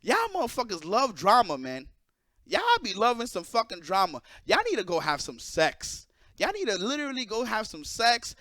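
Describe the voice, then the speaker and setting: High-voiced, bright, blunt-talking man. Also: moderate pace, no room sound, studio quality. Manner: blunt, profane, animated ranting. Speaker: esports player and streamer. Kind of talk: casual ranting monologue to viewers.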